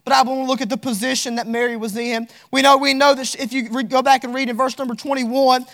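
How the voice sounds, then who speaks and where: A man's voice: very high-pitched, little pitch movement, fast talker, fairly bright tone. A man preaching a sermon, fervent and repetitive, lapsing into a sing-song cadence as he reads scripture.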